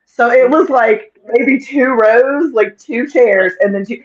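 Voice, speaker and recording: A woman in her forties from North Carolina, telling a story as a guest in a casual interview, animated and quick to laugh. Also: a little high. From North Carolina, USA. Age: 40s. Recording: dull lo-fi audio.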